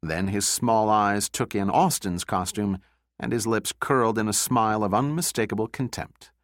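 A man narrating an audiobook in a steady, measured scripted reading. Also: fairly low pitch, no room sound, clean studio sound.

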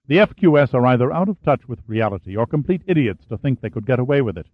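A man's voice: mid-range voice, lively intonation, quick pace, no echo, close to an everyday voice. A man voicing an earnest English-Canadian deputy prime minister, anxious and protesting. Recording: phone-like narrow band, dry.

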